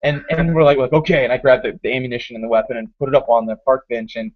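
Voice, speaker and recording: Fast-talking man telling a rambling story. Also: medium pitch. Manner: animated, rambling storyteller full of fillers and acted quotes. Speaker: podcast host. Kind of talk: casual storytelling chat. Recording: dull lo-fi podcast audio.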